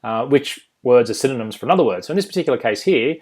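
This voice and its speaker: A man with an Australian accent giving an informal screen-share tutorial, full of ums and uhs and quick self-corrections. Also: mid-range voice, animated, darkish tone. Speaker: software developer presenting a demo.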